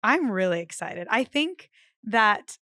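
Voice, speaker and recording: A woman's voice: mid-range voice, very animated, takes it slowly, bright, forceful tone, no room sound. A pregnant young woman co-hosting a podcast in a studio, chatting animatedly and teasing her partner. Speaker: podcast co-host. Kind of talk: casual chat.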